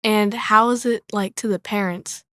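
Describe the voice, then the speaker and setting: A teenage girl joining her parents' podcast, talking softly and a bit hesitantly. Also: mid-range voice, steady tone, moderate pace, no room sound, clean studio sound. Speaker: guest, daughter of the hosts. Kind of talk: casual chat.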